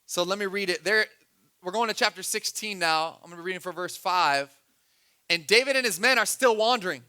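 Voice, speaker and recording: High-voiced man preaching a sermon. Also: a little fast, smooth. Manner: preaches with swings between soft low asides and loud urgent pushes. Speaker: pastor.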